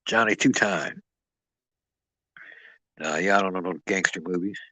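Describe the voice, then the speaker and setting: A man's voice: low-pitched, unhurried, bright, forceful tone, no room sound, low-quality recording. A man rambling and boasting as he stands in as host of a boxing live stream, swearing freely and talking to his chat.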